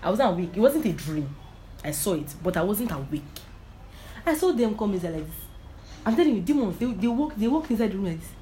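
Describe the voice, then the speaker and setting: Fairly quick and sing-song, a medium-pitched woman preacher with a mellow sound gives an informal sermon with personal testimony over slight background noise. She emphasizes points through repetition and regularly checks that listeners understand.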